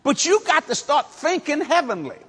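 A middle-aged man from New Orleans, preaching a sermon as animated storytelling with shouted bursts and chuckles. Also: very high-pitched, moderate pace. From New Orleans, USA. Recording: long hall reverb.

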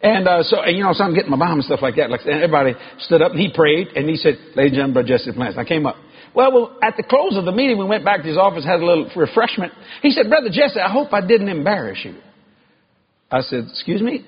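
High-voiced preacher man, emphatic. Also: big pitch swings, fast talker, slightly rough. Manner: emphatic, shouting at peaks. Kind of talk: sermon. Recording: dull lo-fi recording with faint noise.

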